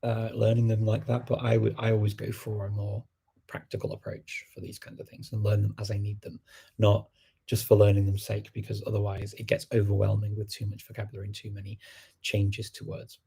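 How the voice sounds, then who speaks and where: Husky guy answering viewer questions, thinks out loud, chatty. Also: on the low side, monotone, fairly quick. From England. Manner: rambling, thinking aloud with many fillers. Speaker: host. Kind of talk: livestream Q&A chat.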